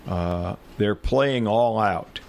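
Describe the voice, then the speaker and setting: An older man, a retired band director, speaks in a fairly low, slightly mellow voice with drawn-out words. In an oral history interview he rambles through anecdotes with self-deprecating humor and many filler restarts.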